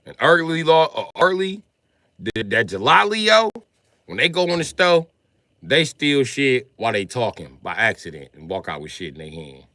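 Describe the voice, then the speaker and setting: A streamer man with a lively, cutting-bright voice launches into a loud, profane comic rant. He swings from shouting to low grumbles, recorded dry and close to the mic. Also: moderate pace, no echo. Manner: animated, profane, jumps between shouting and mumbling. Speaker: livestream comedian. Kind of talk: comedic rant with acted-out voices.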